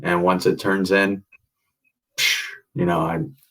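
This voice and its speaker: A man hosting a chat, talking in a halting way with many fillers. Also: low-pitched, monotone, far from the mic. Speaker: interview host. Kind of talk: casual chat.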